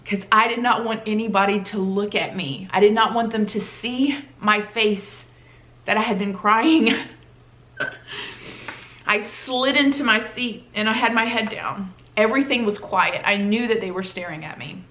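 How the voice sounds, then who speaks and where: A woman's voice: mid-range voice, measured pace, bright, forceful tone. A woman with a mid-range voice tells a personal story on her vlog. She talks in a casual, heartfelt, chatty way. The room around her rings with a noticeable echo. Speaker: vlogger. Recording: roomy echoey room.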